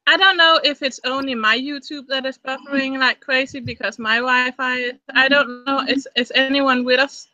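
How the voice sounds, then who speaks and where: A woman in her thirties talks casually as co-host of a live stream. Her voice is bright and sits a little high. The sound is dry, with no room echo, and she often repeats a word as she gets going. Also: steady tone, normal speed, few pauses, muffled recording. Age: 30s. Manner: chatty, repeats words when starting thoughts.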